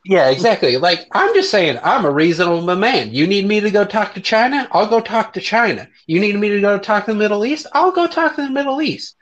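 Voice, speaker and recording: A man's voice: high voice, animated, fairly quick, few pauses. A young man in casual podcast chat, joking crudely and swearing freely between laughs. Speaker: podcast co-host. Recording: dull lo-fi sound.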